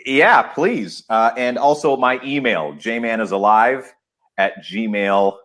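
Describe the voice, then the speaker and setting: A man speaking as a podcast guest, excited and emphatic, laughing often as he talks. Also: medium pitch, takes it slowly. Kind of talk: enthusiastic podcast interview.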